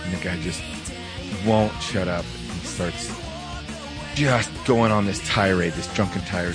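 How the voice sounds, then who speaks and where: A man co-hosting a podcast, telling jokes in a slow, drawn-out storytelling way with little asides. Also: low-pitched, music in the background. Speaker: podcast co-host. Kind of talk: casual joke-telling chat.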